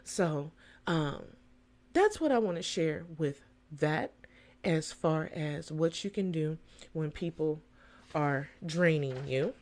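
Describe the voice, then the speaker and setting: Animated woman podcaster coaching listeners. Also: takes it slowly. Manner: animated, preachy, lively pitch swings with playful voices. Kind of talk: casual solo podcast talk.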